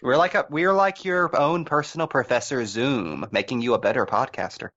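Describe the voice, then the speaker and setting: A man co-hosting a podcast in casual chat, chiming in with quick punning jokes. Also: medium pitch, a bit bright, highs cut off. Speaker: podcast co-host.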